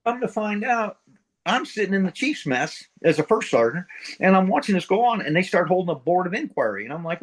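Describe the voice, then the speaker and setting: Middle-aged man, ex-Marine senior enlisted, slightly higher voice, profane rambling raconteur, casual interview. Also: very animated, brisk, slight background noise, poor audio. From central United States. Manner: rambling, profane, blunt, voices sound effects. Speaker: retired Marine sergeant major, guest.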